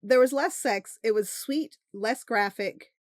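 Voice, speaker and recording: A woman's voice: a little high, measured pace, dry recording, clean studio sound. A woman co-hosting a casual book discussion over a video call, chatty and laughing often. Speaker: book club co-host. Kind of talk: casual chat.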